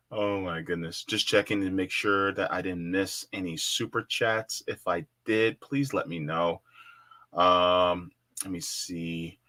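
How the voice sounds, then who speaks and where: Male stream host, lowish voice, casual and jokey, reads out chat messages between laughs. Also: steady tone, slow pace, bright, forceful tone. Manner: laughs often, loose and joking. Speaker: livestream host. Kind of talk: casual chat reading viewer super chats. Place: indoors in Florida.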